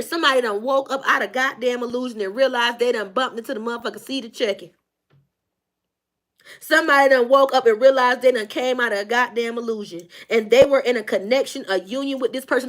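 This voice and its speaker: Brash, profane woman with a high, bright voice. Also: brisk. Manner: brash, profane, animated, acts out the people she reads about. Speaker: tarot reader. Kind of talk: casual tarot reading monologue.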